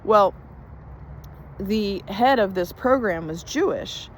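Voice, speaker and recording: A woman's voice: mid-range voice, lively intonation, slow, a little hiss or hum, poor audio. A woman coach telling her personal healing story in a casual, chatty way, earnest and emphatic about her faith. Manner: chatty storytelling, reenacts conversations with "and I'm like". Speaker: faith-based life coach.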